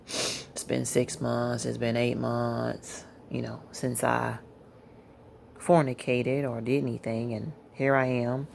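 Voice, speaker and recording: A tired woman telling a personal religious testimony in a rambling, halting way, full of fillers. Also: very deep voice, gravelly, slight background noise. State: tired, yawning. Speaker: Christian testimony speaker.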